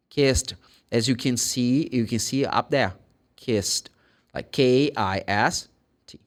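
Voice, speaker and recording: Lively Brazilian man teaching English. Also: medium pitch. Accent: Brazilian Portuguese. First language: Portuguese. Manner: animated, demonstrating sounds by repeating words. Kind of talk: casual video lesson.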